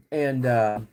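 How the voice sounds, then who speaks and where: A man in his fifties hosting a live podcast stream, greeting chat viewers by name in a halting way while getting over a cold. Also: medium pitch, dark tone. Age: 50s. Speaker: podcast host.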